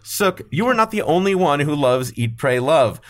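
A man's voice: a little high, sing-song, moderate pace, a bit bright. A man hosting a comedy quiz podcast, reading trivia questions in an upbeat, scripted way. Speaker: quiz show host.

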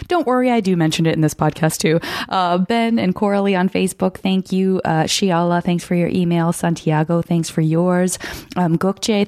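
A woman's voice: lowish voice, warm tone, dry recording, studio quality. A woman hosting a podcast, chatting casually through her intro with lots of fillers and asides. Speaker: podcast host.

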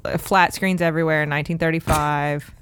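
A woman's voice: deep voice, steady tone, fairly quick, noisy background. A woman doctor co-hosting a podcast, telling history in a chatty, laughing way. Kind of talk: casual storytelling chat.

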